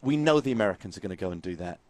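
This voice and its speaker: A man co-hosting a comic football chat show, explaining things in a wry, deadpan way. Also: lowish voice, rapid-fire, slight background noise. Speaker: podcast co-host.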